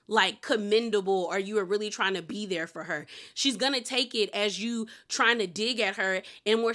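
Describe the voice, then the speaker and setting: A woman's voice: medium pitch, bright, forceful tone. A young adult woman giving a casual, opinionated recap of a reality show, retelling scenes with quoted lines.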